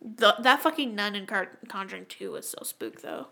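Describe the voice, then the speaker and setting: A young woman co-hosting a podcast in casual chat, animated and swearing a lot as she tells stories. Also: mid-range voice, moderate pace, creaky. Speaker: podcast co-host.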